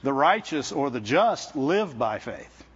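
A man's voice: mid-range voice, big pitch swings, takes it slowly, a bit bright, slightly rough, dull audio. A man preaching to a congregation as a visiting speaker, talking conversationally with frequent restarts and often calling out "Amen?" to the room. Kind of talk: sermon. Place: church service with congregation.

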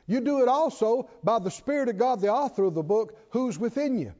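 A large hall's long reverb and dull, lo-fi sound surround this animated preacher's sermon. His high voice swings and sounds warm and mellow, and he delivers emphatic, slowly stretched stresses, sometimes with a chuckle.

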